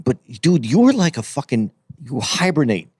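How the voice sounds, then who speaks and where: Lively, animated podcast co-host. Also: male voice, mid-range voice, normal speed, breathy edge, dry recording, clean studio sound. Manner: animated, laughing, stammering restarts. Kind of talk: casual podcast chat.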